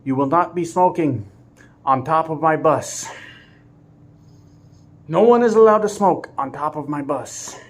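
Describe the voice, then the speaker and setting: A man's voice: a little high, unhurried, long pauses. A man voicing a stern old male bus driver who lectures riders over and over about rules.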